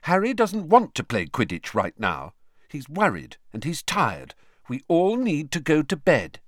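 A man reading aloud and voicing a clever, bossy teenage girl in a brisk, reasoning manner. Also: medium pitch, wildly swooping pitch, bright, forceful tone, no room sound, clean studio sound, pitched above the performer's own voice. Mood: scolding.

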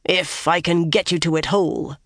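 A reader voicing a gruff, grim one-eyed male soldier who growls, talks bluntly and keeps biting back his curses. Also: medium pitch, steady tone, moderate pace, fairly bright tone, dry recording, clean studio sound.

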